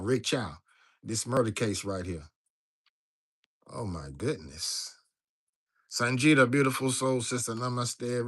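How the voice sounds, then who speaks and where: A man hosting a casual livestream, talking loosely and greeting viewers from the chat. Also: on the low side. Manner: loose, chatty, talks to viewers directly, reads chat aloud. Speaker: livestream host.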